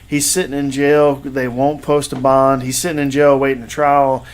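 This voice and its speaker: A man's voice: medium pitch, flat delivery, normal speed, smooth. A man co-hosting a podcast, telling a sports story in casual, rambling chat with lots of "uh" and "you know.". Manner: rambling storytelling with many fillers. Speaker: podcast co-host.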